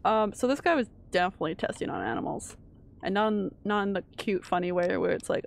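Woman, streamer, casual gameplay chat, jumpy, swears when startled, gravelly voice, faint background noise. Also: medium pitch, lively intonation, brisk.

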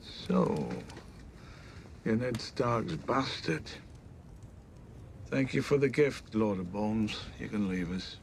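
Slow, gravelly northern wildling king. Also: lowish voice, slight background noise. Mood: commanding. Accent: northern English.

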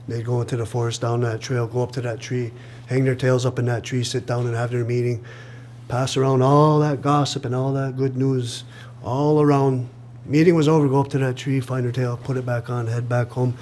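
A man telling a traditional story aloud to an audience in a lively way, acting out the voices and chuckling at his own jokes. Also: mid-range voice, slight background noise. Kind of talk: live oral storytelling. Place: live reading event.

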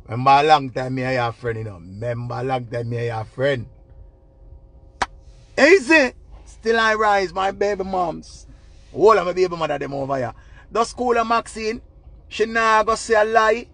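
A man with a Jamaican accent in a loud, profane, repetitive rant giving relationship advice. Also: mid-range voice, expressive, a little fast, creaky, no echo. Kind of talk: ranting monologue.

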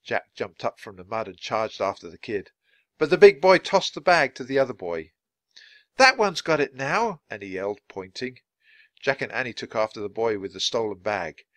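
Expressive man reading a storybook aloud. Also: lowish voice, dry recording. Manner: clear, expressive, measured reading for learners. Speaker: storybook reader. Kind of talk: children's book read-aloud.

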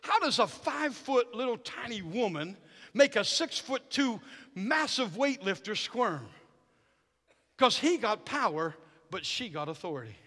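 A middle-aged man preaching as a guest in a church, telling stories with animated energy that builds to fervent shouting. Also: very high-pitched, a little slow. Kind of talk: sermon. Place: church sanctuary. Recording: reverberant church hall.

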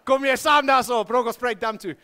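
A man's voice: very high-pitched, a little fast, pushed and bright, voice pushed up. A man voicing a jovial Afrikaans-speaking male friend with an Afrikaans accent who boisterously ribs his mate. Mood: teasing. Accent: Afrikaans-accented South African. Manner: boisterous, ribbing.

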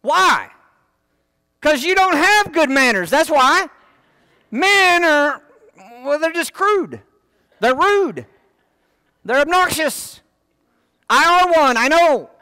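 High-pitched preacher guy, bright voice, folksy and jokey, church sermon. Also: very animated, slow pace, long pauses, dry recording. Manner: folksy, joking asides. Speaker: pastor.

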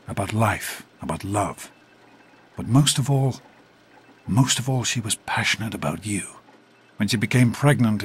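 A man's voice: lowish voice, a bit bright, husky, full character voice. An actor playing a middle-aged father speaking tenderly and earnestly to his son.

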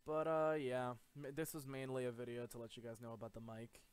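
A man's voice: mid-range voice, fairly even intonation, fast, darkish tone, clear, resonant tone, no room sound. A man hosting a gaming video, giving jittery Let's Play commentary, swearing a lot and insisting he is not scared.

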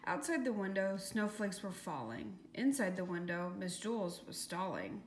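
A woman's voice: medium pitch, expressive, normal speed, hardly any pauses. A woman reading a rhyming children's story aloud in a lilting, sing-song manner. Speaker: audiobook reader. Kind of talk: scripted rhyming storybook narration. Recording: echoey room with faint hiss.

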